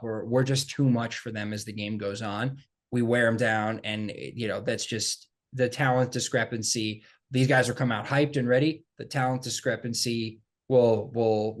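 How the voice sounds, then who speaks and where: A man in casual sports-podcast chat, mid-pitched and lively. He talks emphatically and keeps repeating his points for effect. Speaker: podcast co-host.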